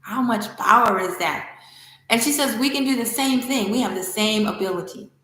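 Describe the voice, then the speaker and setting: A woman's voice: a little high, normal speed, a bit bright. A woman spiritual teacher giving a casual devotional talk, a chatty, digressive storyteller who laughs easily and reads aloud from a book. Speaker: spiritual teacher and temple founder. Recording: very echoey room.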